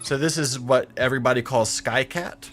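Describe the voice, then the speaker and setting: A man's voice: medium pitch, moderate pace, fairly bright tone, soft background music. A young adult man chatting casually on a game stream, rambling through stories and laughing often. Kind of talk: casual gameplay stream chat.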